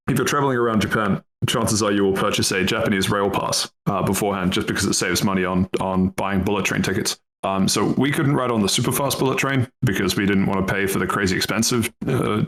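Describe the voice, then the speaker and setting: A young man with a lowish voice holds forth in relaxed podcast chat. He rambles through his stories with plenty of fillers, chuckles and casual swearing. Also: poor audio. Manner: rambling, laughs often, swears freely. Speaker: podcast co-host.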